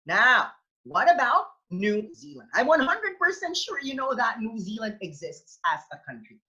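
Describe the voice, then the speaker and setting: Filipino-accented woman, exam-review teacher, high and sparkly, very lively intonation. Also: normal speed, dull audio. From Philippines. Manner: animated, addresses listeners as class. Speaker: IELTS review lecturer. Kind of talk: webinar lecture.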